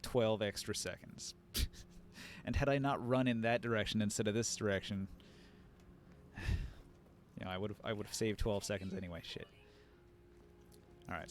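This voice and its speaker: A man's voice: lowish voice, a little hiss or hum. A man with a Pacific Northwest accent giving sardonic live commentary as he plays a game, swearing often. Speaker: game streamer.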